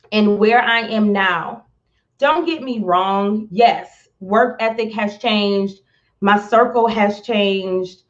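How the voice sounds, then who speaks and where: Woman on a live stream, talking slow and emotional, a bit muffled. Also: mid-range voice. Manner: slow, emotional, close to tears, repeats words. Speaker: motivational speaker on a live stream. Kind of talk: heartfelt live-stream talk.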